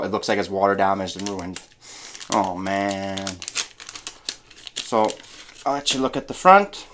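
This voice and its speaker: A man's voice: lowish voice, a bit bright, slight background noise. A man chatting casually as he opens and reads out old trading cards, musing aloud with small hums. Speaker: card-opening vlogger. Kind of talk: casual unboxing chat.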